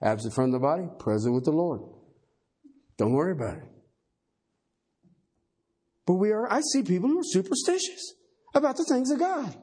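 A man's voice: high voice, lively intonation, normal speed, pauses often, dark tone, breathy edge. A man preaching a sermon, emphatic and folksy, repeating key phrases for effect.

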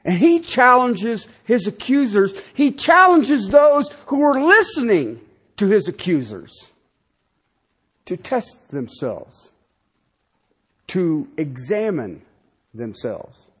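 A male pastor preaching with a high, husky voice that swings widely in pitch. He talks slowly and emphatically, firing off rhetorical questions and checking in with "Okay?" as he teaches. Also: big pitch swings, fairly bright tone. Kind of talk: sermon.

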